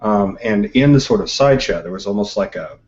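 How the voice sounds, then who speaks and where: Male host of an online chat, low voice, talks at length, muffled web-call sound. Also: lively intonation, a little fast, a little mellow. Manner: articulate, explains at length. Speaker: host of an online discussion group. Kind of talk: casual group video chat. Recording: dull lo-fi web call audio.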